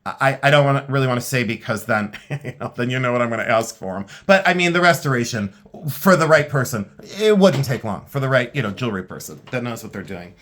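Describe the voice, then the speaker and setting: A man's voice: mid-range voice, lively intonation, quick pace, a bit bright. A middle-aged man, worn out and tired, chatting candidly and rambling a little as he previews vintage jewelry for sale. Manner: candid, rambling, frank and plainspoken. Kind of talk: casual sale preview chat.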